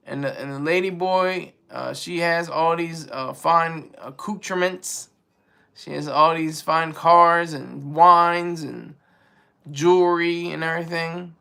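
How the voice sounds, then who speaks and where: Male streamer, casual joking commentary to chat, fairly high and raspy. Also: fairly even intonation, takes it slowly, pushed and bright. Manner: rambling, joking, reads chat aloud. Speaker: livestream host.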